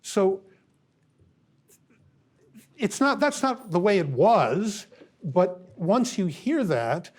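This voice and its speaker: An older male professor speaks to his class in a measured lecture. His pace is slow and his voice sits a little high, with frequent pauses and fillers as he thinks aloud. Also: very animated, a little mellow. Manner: unhurried, thoughtful, pauses with um and uh. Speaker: university lecturer.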